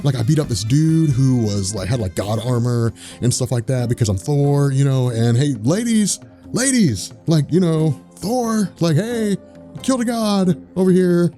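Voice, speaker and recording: A man's voice: medium pitch, fast, few pauses, dark tone, faint music behind, lightly acted. A man voicing a brash, boastful male thunder god who talks in slangy dude speech. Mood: bragging. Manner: slangy swaggering dude talk.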